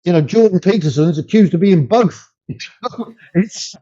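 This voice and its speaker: Older man, very dark mellow voice, emphatic, muffled call audio. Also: moderate pace. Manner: emphatic, rising in pitch when making a point. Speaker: podcast guest. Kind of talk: conversational interview. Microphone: video call.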